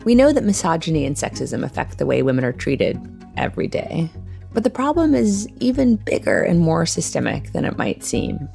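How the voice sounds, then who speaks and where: A woman hosting a podcast, her voice hoarse from a sore throat, speaking in a measured, earnest way. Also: low voice, very animated, mellow, soft background music. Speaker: podcast host. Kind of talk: podcast interview.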